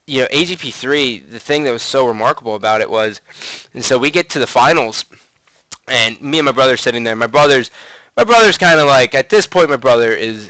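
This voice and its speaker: Bright-voiced young man swearing through a story. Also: mid-range voice, no room sound, poor audio. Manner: profane, rambling, animated storytelling with many fillers. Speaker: gaming commentator podcast host. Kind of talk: casual storytelling monologue.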